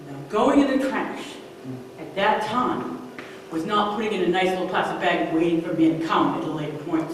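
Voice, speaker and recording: A woman in her fifties performing a true story live, dropping to near-hushed tones and then rising to emphatic peaks. Her voice rolls through a big, reverberant hall, picked up from far away, with faint room noise behind. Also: lowish voice, moderate pace. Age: 50s. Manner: animated, swings from hushed to emphatic. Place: stage in a large hall. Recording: echoey hall, far-off mic.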